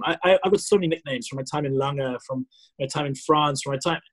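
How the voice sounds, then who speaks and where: A man from South Africa in his thirties, telling a personal story as a podcast guest, animated and full of fillers. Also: on the high side, quick pace, poor audio. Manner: animated, acts out his own past dialogue, many fillers and restarts. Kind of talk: casual storytelling.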